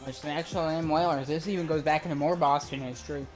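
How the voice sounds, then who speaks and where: A man's voice: fairly high pitch, fairly even intonation, fast talker, over music, poor audio. A man streaming a baseball video game, calling the plays in a casual, rambling way with chatty asides and self-corrections.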